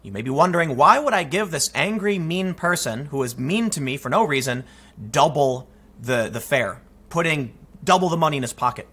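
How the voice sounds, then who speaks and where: Male commentator, emphatic, husky, sharp-edged tone, fairly high voice. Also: expressive, normal speed. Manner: emphatic, conversational, frequent restarts. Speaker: political commentator. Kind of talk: opinion commentary, storytelling.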